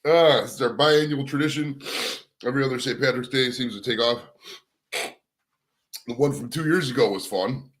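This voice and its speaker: A man's voice: medium pitch, moderate pace, pauses often. A young man hosting a casual livestream from home, rambling and swearing as he chats to his viewers. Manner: rambling, profane, chatting to viewers. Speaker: livestream host. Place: home, indoors.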